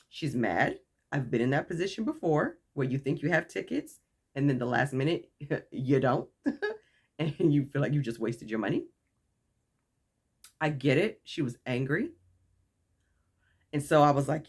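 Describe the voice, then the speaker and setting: A woman vlogger telling a story in a casual, animated way, acting out the people she quotes and laughing often. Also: sits low, normal speed, pauses often, breathy edge.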